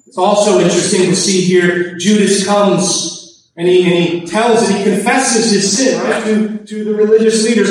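A man's voice: high voice, level tone, moderate pace, slight background noise. Man, pastor, sermon, emphatic, repetitive, far from mic, heavy echo. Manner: emphatic, repeats key phrases. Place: church service. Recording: echoey, distant church recording.

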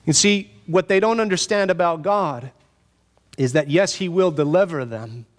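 A man preaching a sermon in an animated, conversational way, asking his listeners rhetorical questions. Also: sits high, moderate pace, big-room sound. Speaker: pastor.

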